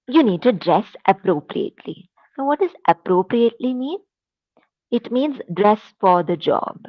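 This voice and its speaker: Slow, emphatic Indian English woman teacher. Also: mid-range voice, very animated, no room sound, muffled recording. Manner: slow, deliberate, emphatic instruction. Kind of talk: classroom lecture.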